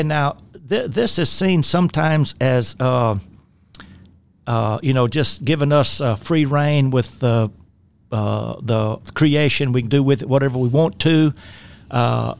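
A man's voice: mid-range voice, a little slow, gravelly, clear, resonant tone. A man with a Southern drawl hosting a faith-based talk radio show as a life coach, folksy and rambling, with many fillers and restarts.

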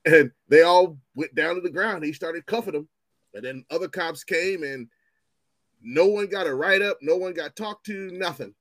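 A man's voice: on the high side, moderate pace, dry recording. A man in his fifties telling profane stories in casual chat, acting out the people in them. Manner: animated, profane, acts out voices in his stories. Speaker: storyteller guest.

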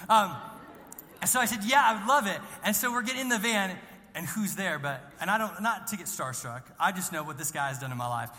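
A high, bright male voice preaching in a casual, storytelling way, dropping self-deprecating asides as he goes. His words ring out with the long reverb of a big church hall. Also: expressive, fairly quick. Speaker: student pastor. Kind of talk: sermon. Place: church sanctuary.

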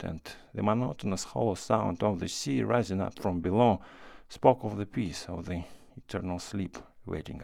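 Low, gravelly male audiobook narrator. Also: a little mellow, no room sound. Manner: measured, unhurried storytelling. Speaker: reader. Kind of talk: audiobook narration of a classic story.

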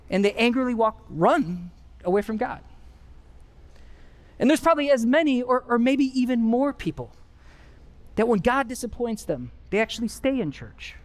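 A man's voice: extremely high pitch, very animated, moderate pace, pauses often. A pastor preaching a conversational sermon in church, with rising emphasis on his key points. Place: church sanctuary.

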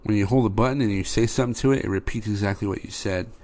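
A young father with a fairly low, slightly mellow voice talks at a rapid-fire clip. As a podcast host, he tells loose, rambling stories about his daughter in a casual monologue packed with fillers like "you know."

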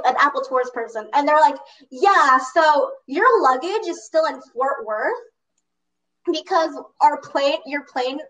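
A teenage girl casually telling a long story to a friend, animated, filling her talk with "like" and laughing as she goes. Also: high voice, distant mic, low-quality recording. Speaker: storyteller recounting a school trip.

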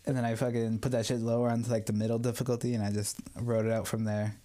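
A man's voice: medium pitch, little pitch movement, fast, warm tone. A young man in his twenties hosting a casual podcast, talking loosely with lots of swearing and frequent laughter. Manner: loose, profane, laughs often. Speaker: podcast host.

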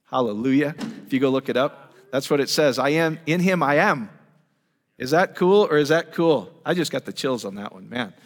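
In a big, reverberant church hall, a pastor teaches from the pulpit at a moderate pace. His medium-pitched voice is expressive, and his enthusiastic, conversational delivery is full of rhetorical questions for the listeners.

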